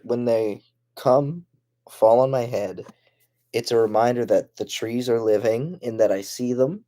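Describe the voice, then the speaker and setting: A man doing an absurd improvised comedy monologue, rambling and stammering, swinging from mumbled asides to excited outbursts. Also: lowish voice, creaky. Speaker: comedic vlogger.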